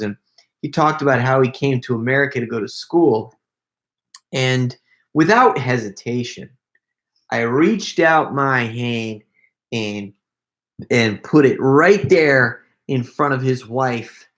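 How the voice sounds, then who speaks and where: A man casually answering fan questions on a live stream, rambling and self-deprecating, with frequent stammers and laughs. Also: medium pitch.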